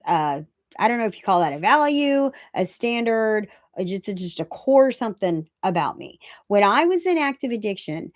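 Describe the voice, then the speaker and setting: A woman's voice: medium pitch, dry recording, studio quality. A woman in her fifties hosting a recovery talk, blunt and self-mocking, stressing her points by repeating phrases and laughing at her own jokes. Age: 50s. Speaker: recovery meeting host. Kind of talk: casual live-stream talk.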